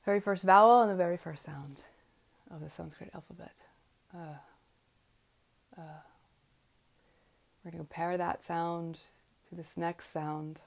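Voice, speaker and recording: A woman teaching mantra pronunciation in a slow, guided lesson, patiently demonstrating each vowel and consonant aloud. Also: low voice, vocal fry, darkish tone.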